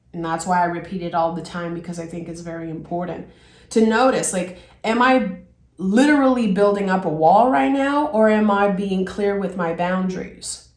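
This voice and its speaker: A woman giving a reflective tarot reading, gently encouraging and thinking aloud as she turns the cards. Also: medium pitch. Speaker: tarot reader. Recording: roomy echo.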